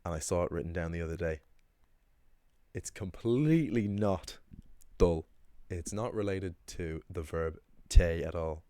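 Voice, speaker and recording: A man with a very deep, low voice explains language points in a loose, chatty way, often pausing with ums and restarting sentences. The sound is close and dry, with no room around it. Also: steady tone, darkish tone, clear, resonant tone, no room sound. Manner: chatty, rambling, frequent ums and self-corrections. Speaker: Irish language teacher. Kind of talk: casual explanatory lesson.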